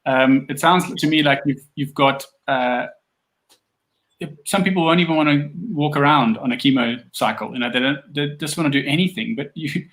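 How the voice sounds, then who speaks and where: A man's voice: a little high, normal speed, a bit bright, rough recording. Man hosting a chat. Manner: rambling, reflective. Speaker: podcast host. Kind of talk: conversational interview.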